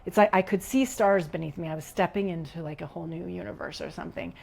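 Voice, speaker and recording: A woman guest recounting a personal experience in an interview, animated and giggly, acting out quotes and dropping to a whisper at tense moments. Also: lowish voice, fast, creaky, husky. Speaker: leadership coach, guest. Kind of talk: personal storytelling in a podcast interview.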